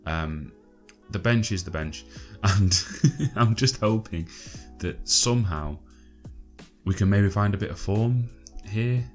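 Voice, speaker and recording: A low-voiced man talks through his game in a loose, chatty way. He sounds exasperated, swears freely and fills gaps with ums. Faint music plays underneath. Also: takes it slowly. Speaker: gaming channel host. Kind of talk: casual gameplay commentary.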